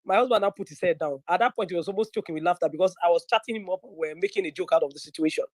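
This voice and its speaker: A young woman from northern Nigeria with a Nigerian English accent, telling a story in a lively, chatty way and slipping into pidgin. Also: fairly low pitch, very fast, dry recording. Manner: animated, mixes pidgin, acts out quoted voices. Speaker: guest speaker in an online audio room. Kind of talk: casual storytelling. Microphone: phone or headset in an online audio room.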